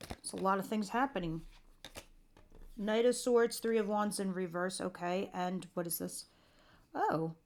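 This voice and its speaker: A woman's voice: mid-range voice, a bit bright, a little hiss or hum. Middle-aged woman, tarot reader, loose and talkative, plain mid-range voice. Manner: chatty, jokey, talks straight to viewers. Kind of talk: casual tarot reading monologue.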